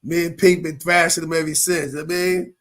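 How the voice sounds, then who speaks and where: A man's voice: fairly high pitch, flat delivery, fast, a bit bright. Chatty New man, slangy commentary. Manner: laid-back slangy talk, keeps asking "you know what I mean", laughs often. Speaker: show host reacting to viral clips. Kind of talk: casual commentary.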